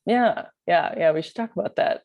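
Woman host with a gravelly edge. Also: fairly low pitch, normal speed, phone-quality sound. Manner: encouraging, frequent backchannel. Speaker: podcast host. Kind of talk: casual interview chat.

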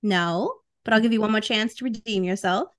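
A woman's voice: medium pitch, brisk, a bit bright. A woman co-hosting a podcast, quizzing a guest in casual, teasing chat and laughing often. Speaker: podcast co-host.

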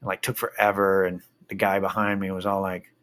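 Low-voiced man ranting casually. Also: little pitch movement, fairly quick, a bit bright. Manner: rambling, swearing, ranting. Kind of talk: casual monologue.

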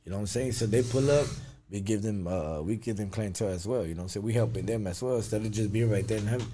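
A man's voice: lowish voice, fast, a little hiss or hum. A man, a guest actor and musician, telling casual stories full of slang and acting out the people in them. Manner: animated, acts out voices, laughs.

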